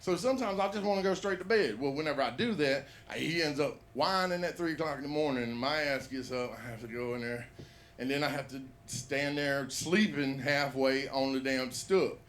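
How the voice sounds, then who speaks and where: A man's voice: mid-range voice, fairly quick, fairly bright tone. A man telling a rambling, profane stand-up story at an open mic in a comedy bar.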